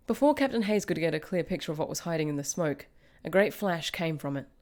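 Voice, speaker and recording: A woman's voice: low-pitched, expressive, quick pace, darkish tone. A woman hosting a show, reading a story aloud with casual asides. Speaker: host.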